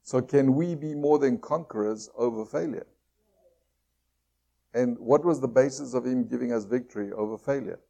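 A man preaching a sermon as a pastor. He reads scripture aloud, asks his listeners many rhetorical questions and slows down to stress key phrases. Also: medium pitch, creaky, warm tone.

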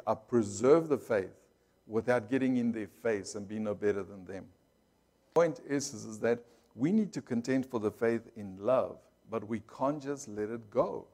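A man's voice: medium pitch, a little mellow. A man, a pastor, preaching a sermon and telling a personal story, acting out other people's words and calling out to his congregation. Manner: storytelling, acting out quoted voices, audience call-outs.

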